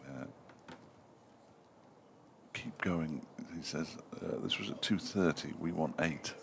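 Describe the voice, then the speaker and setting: A man's voice: rumbling low, normal speed, gravelly, fairly bright tone, slight background noise. A man doing live cricket commentary, chatty and self-mocking, reading out messages from listeners between the balls. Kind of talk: live sports commentary with banter.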